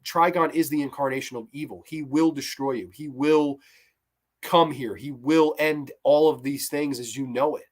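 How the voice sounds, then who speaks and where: A man's voice: a little high, fairly even intonation, normal speed. A man hosting a casual show where he ranks cartoon episodes, talking in a rambling, enthusiastic way and quoting scenes. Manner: rambling, enthusiastic, quotes scenes in loose voices. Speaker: host of a cartoon review show. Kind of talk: casual episode ranking commentary.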